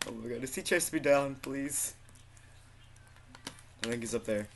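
A man giving live commentary over his own gameplay, excitable and foul-mouthed, swinging into laughter and high-pitched yells. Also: normal speed, slight background noise. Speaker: gaming video host.

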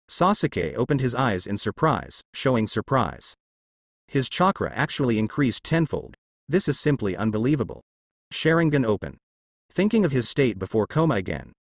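A man's voice: medium pitch, big pitch swings, normal speed, dry recording. Man narrating a story, dry sound.

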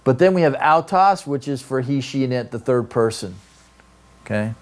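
A man lecturing a class on grammar. He explains patiently, step by step, and keeps checking in with his students as he goes. His voice sits at an ordinary middle pitch. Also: animated, normal speed. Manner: explanatory, asks "right?" often. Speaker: Greek grammar teacher.

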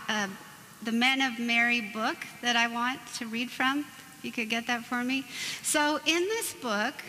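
A woman's voice: fairly high pitch, sharp tone. A woman in her forties giving a Catholic talk in a church, telling stories and jokes with playful asides to the audience. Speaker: Catholic speaker. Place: church hall. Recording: reverberant church with faint background noise.

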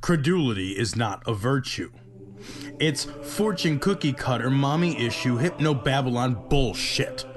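A man reciting a closing creed in a slow, measured, declamatory way. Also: medium pitch, expressive, a crowd in the background. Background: music.

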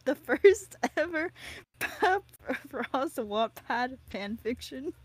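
Woman friend, giggly and teasing, slightly high and very lively, dry close mic. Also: very slow, slightly rough, dry recording. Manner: giggly, teasing, lots of exclamations. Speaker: friend on stream. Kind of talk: casual chat. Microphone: own microphone.

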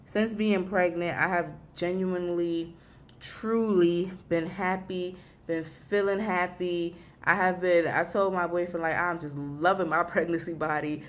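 A young woman talking at her home desk in a casual vlog, rambling and halting, close to tears. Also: lowish voice, fairly even intonation. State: weepy, emotional. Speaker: vlogger.

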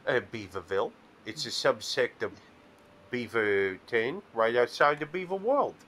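A man's voice: medium pitch, animated, a little slow, fairly bright tone, slight background noise. A man playing slot machines in a casino and giving playful commentary that drifts into rambling, absurd stories. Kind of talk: casual joking commentary.

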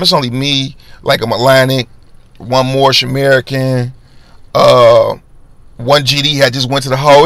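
A young man spins a casual storytime monologue in street slang, his voice gravelly and full of fry. He acts out other men's lines by pushing his voice higher. The sound is dry and close, with no room echo. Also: fairly bright tone. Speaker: vlogger.

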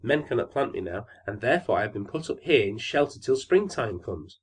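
A man's voice: medium pitch, big pitch swings, a little fast, slightly rough. A man voicing a young, impatient fir tree that muses with earnest longing in a storybook tale. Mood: lonely.

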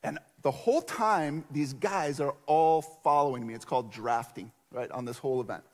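A man preaching a sermon in a conversational, animated storytelling way. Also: medium pitch, normal speed. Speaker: pastor. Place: church sanctuary. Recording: long church reverb.

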